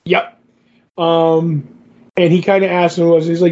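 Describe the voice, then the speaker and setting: High, husky man rambling through a comic recap. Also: little pitch movement, slow, darkish tone. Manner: rambling retelling with many fillers and quoted dialogue. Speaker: podcast host. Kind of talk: casual comic book recap. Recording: dull lo-fi podcast audio.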